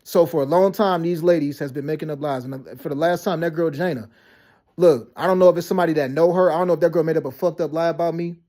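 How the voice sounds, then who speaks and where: A man ranting to camera about being lied about, talking fast with heavy slang, profanity and many restarts. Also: fairly high pitch, dark tone. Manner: fast, repetitive storytelling with frequent restarts and "you know what I'm saying". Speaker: vlogger. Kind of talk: rambling personal rant to camera.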